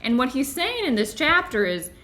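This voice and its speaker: A woman hosting a book club discussion, talking casually and telling stories in an animated, chatty way with lots of "like"s. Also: high-pitched, normal speed. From Florida, USA. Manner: chatty, animated storytelling with many "like"s.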